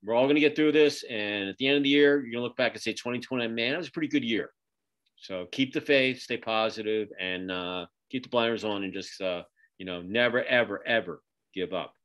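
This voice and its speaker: In a brisk, slightly bright mid-range voice, a middle-aged man wraps up a casual podcast interview. He works as a podcast host and magazine publisher, calls in by video from his home office, and rambles with many fillers and restarts.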